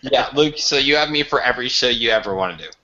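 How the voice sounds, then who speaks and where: A man's voice: mid-range voice, expressive, fast, bright, forceful tone. A man chatting on a live online show in an amused, easygoing way. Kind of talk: casual chat. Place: online video hangout. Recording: muffled lo-fi online call audio.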